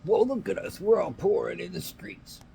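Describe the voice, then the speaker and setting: A man's voice: sits high, animated, normal speed, gravelly, dark tone, a little hiss or hum, pitched above the performer's own voice, exaggerated voice. A man voicing a whiny, aggrieved young man who blames everyone else for his troubles. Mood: whining. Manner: complaining, accusing.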